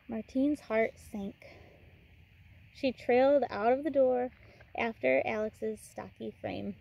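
A woman teacher reading a novel aloud in a relaxed way, breaking off for chatty asides to her listeners. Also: fairly high pitch, takes it slowly, creaky, highs cut off.

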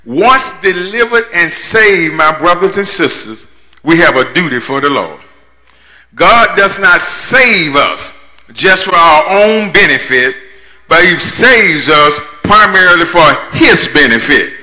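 A man preaching in a church, his voice high-pitched and piercingly bright. He builds his sermon on rhythmic call-and-response and keeps circling back to the same refrains. The sanctuary gives it a roomy, echoing ring. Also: very animated, slow. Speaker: pastor.

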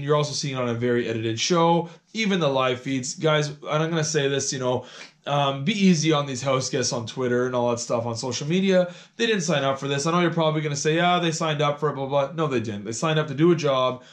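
A hoarse man from Canada in his thirties, chatting casually through a reality-show recap vlog with lots of fillers and repeated words. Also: medium pitch, a little fast.

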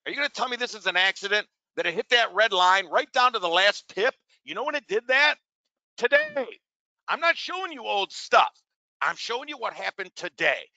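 Bright, animated man pitching a trading webinar. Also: fast, hardly any pauses, no room sound, lo-fi sound. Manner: energetic and salesy, keeps asking rhetorical questions and calls listeners "gang". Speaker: trading educator. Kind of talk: live webinar demo and sales pitch.

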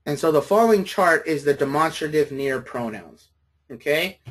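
A man's voice: fairly high pitch, expressive, normal speed, a bit bright, slight background noise. A man lecturing a college class, patient and friendly, often checking in with his students.

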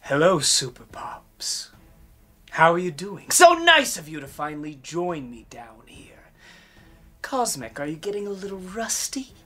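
A taunting villain leader. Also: female voice, fairly low pitch, very animated, slow, bright, forceful tone, faint music behind, full character voice. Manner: taunting, mocking. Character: scheming villain leader of the Bunglers. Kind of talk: teen web series acting.

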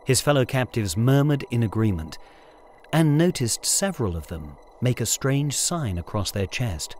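A man reading a science fiction story aloud with measured storytelling. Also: mid-range voice, sing-song, darkish tone, a little hiss or hum. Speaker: audiobook narrator. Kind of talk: scripted narration.

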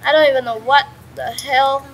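A young woman casually commentating her own game at home, chatty and excitable, with sudden yelps and mild swearing. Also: sits high, moderate pace, a little hiss or hum, low-quality recording. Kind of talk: casual let's-play commentary. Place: at home with a pet dog nearby.

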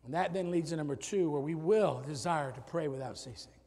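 A middle-aged male pastor preaching a sermon, swinging from loud shouted peaks to low quiet asides. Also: a little fast. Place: church sanctuary with long reverb. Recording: reverberant church hall.

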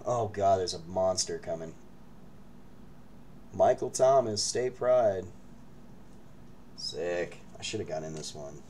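Lively, hyped man hosting card breaks. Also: low-pitched, slow pace, pauses often. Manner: hyped, joking banter with viewers. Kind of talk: live card-break streaming chat. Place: break room indoors.

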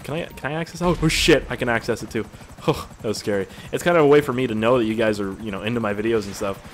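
With a mid-range voice and a fast pace, a young gaming creator chatters casually and crudely while he plays. He wanders from one topic to the next, tired-sounding and easily amused, over a faint hiss or hum.

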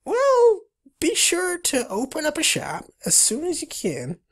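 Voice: huge pitch swings, measured pace, heavily acted. Billy, an eager little beaver. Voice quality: high squeaky voice. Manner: eager, chirpy. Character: eager little male beaver, friendly helper.

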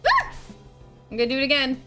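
A woman's voice: high-pitched, huge pitch swings, fast talker, over loud music. A woman streamer giving casual live gameplay commentary, chatty, talking back to the game's characters and laughing easily.

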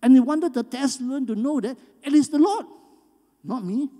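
A man's voice: extremely high pitch, moderate pace, dark tone. A man preaching a sermon as pastor, earnest and emphatic. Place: church sanctuary. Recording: long hall reverb.

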